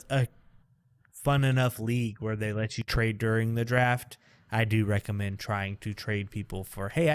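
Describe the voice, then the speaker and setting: A man co-hosting a casual fantasy football podcast, thinking out loud as he runs through draft picks. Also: medium pitch, smooth, no echo. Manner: animated, thinks aloud while listing picks. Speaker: podcast co-host.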